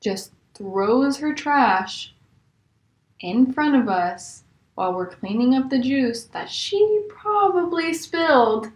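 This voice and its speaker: A young woman vlogger telling casual stories about rude customers, animated and exasperated, her voice jumping high in disbelief. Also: takes it slowly. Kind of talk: casual storytelling. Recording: echoey room.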